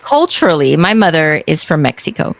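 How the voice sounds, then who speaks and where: A woman's voice: sits low, a little fast, gravelly. A middle-aged woman from Texas hosting a podcast, chatting casually and acting out quotes as she tells stories. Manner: animated storyteller acting out quotes. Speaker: podcast host. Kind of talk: casual interview conversation.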